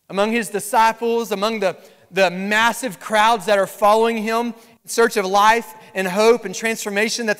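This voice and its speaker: A man preaching a sermon as pastor, lively and conversational with touches of humor. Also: sits high. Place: large church sanctuary. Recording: long reverb of a large hall.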